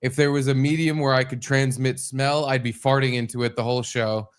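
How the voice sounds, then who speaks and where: A man hosting a podcast, making wry, deadpan jokes with casual swearing in a relaxed comedic chat. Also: mid-range voice, a little fast, smooth. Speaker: podcast host.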